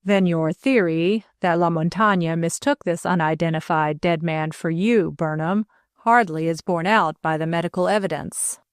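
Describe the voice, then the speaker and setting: A steady, reasoning gentleman, as a woman narrator voices him, weighing each point deliberately. His tone stays measured and even. The reading is close and dry. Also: lowish voice, clean tone, no echo, close to an everyday voice.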